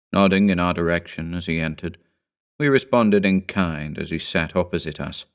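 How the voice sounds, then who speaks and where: A man giving measured, somber first-person scripted narration of a horror story. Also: low-pitched, smooth.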